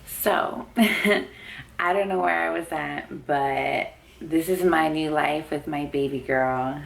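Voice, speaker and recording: A woman's voice: deep voice, slow, gravelly. A young woman vlogger telling a long personal story to camera in casual chat, saying "like" constantly and laughing often, recorded at home. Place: at home with her baby.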